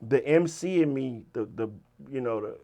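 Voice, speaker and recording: Animated, profane storytelling man. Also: medium pitch, moderate pace. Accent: Virginia. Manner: animated, profane, quotes people in lively voices. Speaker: interview guest, rapper and writer. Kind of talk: casual storytelling.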